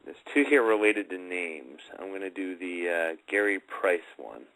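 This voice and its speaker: A male radio host with a low, deep voice and a bright, forceful edge. He talks casually and directly to his listeners in a live-show manner. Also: animated, moderate pace, low-quality recording.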